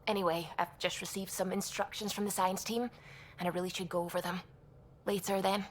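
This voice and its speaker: A woman's voice: fairly low pitch, little pitch movement, fairly quick, slight background noise, close to an everyday voice. An actress with a West Coast Scottish accent playing an eager, chatty female scientist. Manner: enthusiastic, rambling.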